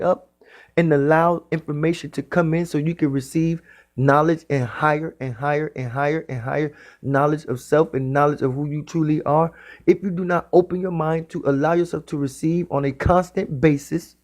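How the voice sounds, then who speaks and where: A man's voice: a little high, steady tone. Emphatic man preaching a spiritual talk. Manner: repetitive, emphatic, drawn-out phrasing. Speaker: spiritual speaker. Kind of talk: preaching monologue.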